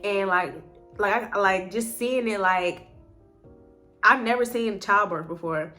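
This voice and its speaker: Chatty nursing student girl, says like a lot, mid pitch, music in the back. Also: slow pace, sharp tone. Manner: chatty, leans heavily on "like" and "um". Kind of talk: casual chat.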